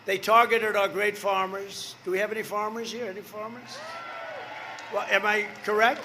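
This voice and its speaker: High, bright-voiced older man at a rally. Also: little pitch movement, normal speed, slight background noise. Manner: boastful, rambling, repetitive, asides to the crowd. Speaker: political rally speaker. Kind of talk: rally speech. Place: outdoor rally.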